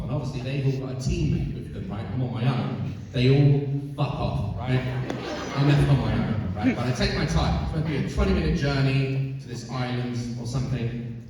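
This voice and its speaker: A man telling a profane comic story live on stage in a large hall, keeps asking "right?", recorded from far back in the audience. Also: mid-range voice. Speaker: comedian performing live on tour. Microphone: filmed from the audience, far from the stage. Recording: echoey hall from far off, loud noise. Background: audience laughter and noise.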